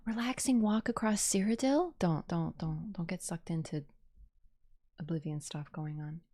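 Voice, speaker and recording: A woman YouTuber giving excited, rambling reaction commentary, swinging between loud gushing and hushed murmurs. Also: fairly low pitch, measured pace. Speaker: YouTuber reacting to a game trailer.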